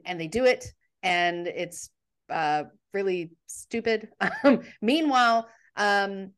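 A woman co-hosting a casual chat, retelling a film's plot in a chatty way with many ums. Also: medium pitch. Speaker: podcast co-host. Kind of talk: casual movie recap chat.

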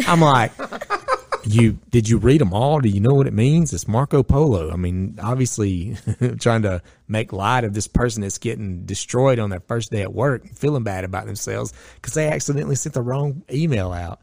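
A man telling a lively, swearing work story in casual chat, acting out the people he quotes. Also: medium pitch, normal speed, creaky, no room sound.

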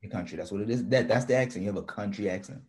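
A man with a northern US accent, co-hosting a casual chat in a teasing, animated way. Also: lowish voice, very fast. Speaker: podcast co-host.

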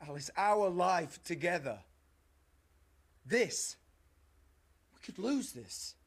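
A pleading young husband. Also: male voice, high-pitched, big pitch swings, slow, breathy edge, heavily acted. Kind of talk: film drama dialogue.

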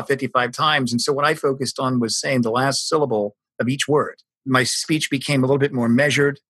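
A man with a husky, somewhat raspy voice hosts an interview, recorded dry with no room sound. He asks questions in a relaxed, curious, conversational manner. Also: mid-range voice, no echo. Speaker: podcast host, recruiter.

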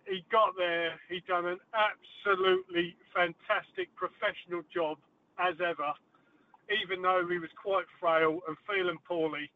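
A man's voice: high voice, fairly even intonation, moderate pace. A man, a former darts player, telling stories in a chatty way with many fillers during an interview. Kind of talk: casual phone interview. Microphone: phone. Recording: tinny phone line, dry.

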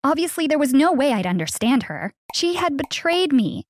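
A young woman telling a first-person story in an earnest, steady read. Her voice sits fairly high, and the recording is very dry and close with no room sound. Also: normal speed, no room sound. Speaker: narrator.

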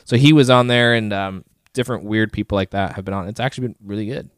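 A man's voice: lowish voice, fast talker, smooth, dry recording, studio quality. A man co-hosting a podcast in casual chat, joking and teasing. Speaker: podcast co-host.

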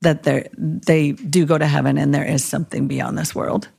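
A woman's voice: sits low, fairly even intonation, moderate pace, vocal fry, a little mellow, breathy edge. A woman chaplain, a podcast guest, telling a story in an earnest and tender way. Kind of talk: emotional storytelling.

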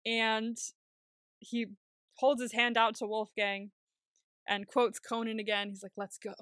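Woman podcast co-host, casual recap chat, laughs and swears a lot, crisp bright tone, dry sound. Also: fairly high pitch, level tone, a little slow, dry recording. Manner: chatty, swears freely, laughs often.

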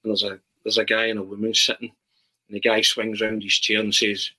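A man, a podcast guest, telling a travel anecdote in a halting, animated way with many restarts. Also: lowish voice, slightly rough, rough recording. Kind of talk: casual storytelling.

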